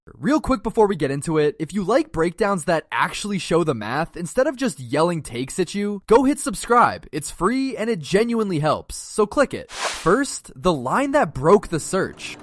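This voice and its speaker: A narrator giving a scripted basketball stats breakdown, with a lively voice that swings up and down in pitch. The delivery is punchy and lands hard on every number. The recording is dry and close, with no room sound. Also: no echo. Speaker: sports video narrator.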